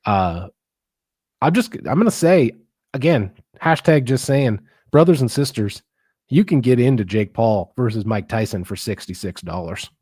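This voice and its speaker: A man's voice: fairly low pitch, a little mellow, no echo, studio quality. A man co-hosting a podcast in casual chat, laid-back and sardonic, sprinkling in slang. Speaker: podcast co-host.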